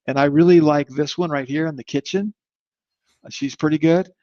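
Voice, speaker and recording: A man hosting a live webinar, demoing software in an upbeat, rambling sales manner. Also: a little high, steady tone, normal speed, dry recording. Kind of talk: live online product demo. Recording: slightly muffled dry audio.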